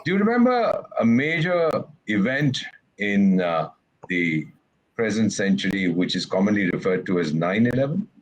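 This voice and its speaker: An older man from India, a retired ambassador, giving blunt, wry interview answers with lively mock quotes. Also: fairly low pitch, moderate pace, dull audio.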